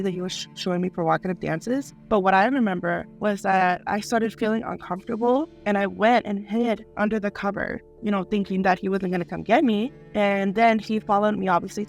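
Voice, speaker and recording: A woman telling her own life story in an unscripted interview, speaking in a halting, earnest way full of small fillers. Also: medium pitch. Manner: halting and earnest, many "like" and "you know" fillers. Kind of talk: personal testimony, unscripted.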